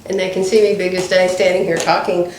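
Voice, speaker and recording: A woman in her seventies telling animated anecdotes to her viewers from home, laughing often. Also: lowish voice, a little fast. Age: 70s. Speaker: quilting vlogger. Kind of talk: casual chatty storytelling to viewers. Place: indoors at home by the front door. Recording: very echoey room, distant mic, faint hiss.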